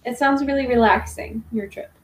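Teasing woman podcast co-host, higher voice. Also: normal speed, poor audio. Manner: teasing, laughs often, prompts her co-host. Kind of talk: casual chat.

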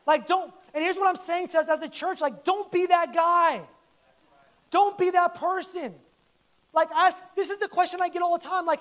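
A pastor with a very high, fairly bright voice speaks at a moderate pace with fairly even intonation. During a church service, he preaches to his congregation in a conversational, joking way, acting out little quoted lines.

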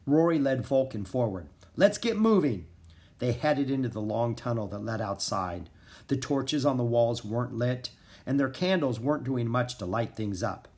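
A man narrating a children's storybook in an expressive, dramatic reading style. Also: mid-range voice, normal speed. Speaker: audiobook narrator.

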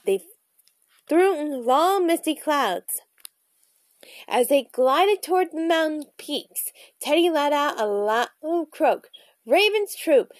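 A woman reading a children's chapter book aloud in a bubbly, expressive way. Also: high voice, takes it slowly, no room sound. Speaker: storybook reader vlogger.

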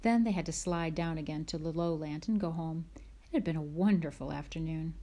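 A woman reading a children's book aloud, gentle, dropping to a whisper in tense moments. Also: sits low, fairly quick. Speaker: narrator.

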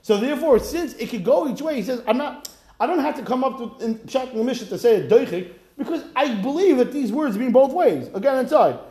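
A man teaches a Talmud class with a lively, high voice that leaps up and down as he chants the text. He slips Aramaic and Hebrew phrases into his English. The room around him is echoey. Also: brisk. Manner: animated, mixes Aramaic and Hebrew terms into English, sing-song quoting. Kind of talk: animated Talmud class lecture.

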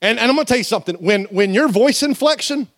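A male pastor preaching a sermon, animated and conversational, mixing humorous storytelling with sudden loud outbursts and slow, drawn-out emphasis. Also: very high-pitched, no room sound. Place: church.

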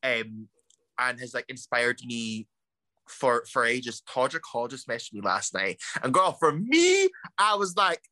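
A young Scottish man being interviewed as a drag performer, animated and quick to laugh, calling everyone "girl". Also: medium pitch, dry recording. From Scotland. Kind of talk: casual interview chat.

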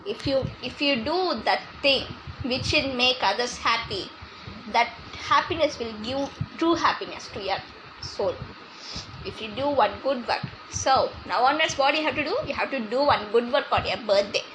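A woman voicing a kindly old grandmother who lectures slowly and repeats her advice. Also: high-pitched, background noise, lightly acted. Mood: earnest advice. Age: older.

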